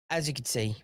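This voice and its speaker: A man's voice: medium pitch, no room sound, studio quality. A man in his forties hosting a live political show, talking in an unfiltered, profane and angry rant. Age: 40s. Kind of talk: live online political commentary.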